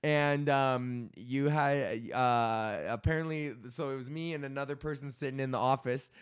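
A man's voice: medium pitch, fairly even intonation, normal speed, clear, resonant tone. A young man hosting his comedy podcast, ranting in a loose, rambling, profane way. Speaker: podcast host. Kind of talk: casual comedic rant.

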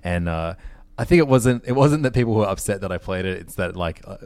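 A man's voice: low voice, animated, brisk, darkish tone, no echo. A man co-hosting a food podcast, talking in a rambling, profane way and laughing often. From Australia. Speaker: podcast co-host. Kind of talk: casual podcast chat.

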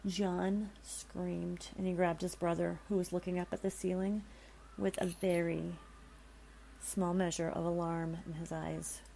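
A woman's voice: lowish voice, little pitch movement, a little slow, gravelly, warm tone, slight background noise, low-quality recording. A woman reading a scary story aloud in a dramatic way, stopping for nervous asides to her listeners.

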